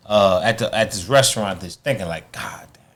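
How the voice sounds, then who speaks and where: Speaking a little fast in a lowish voice, this Chicago guest, once a boxing champion, spins a lengthy, profanity-laced tale. He's animated, mimicking the voices of others as he quotes what they said.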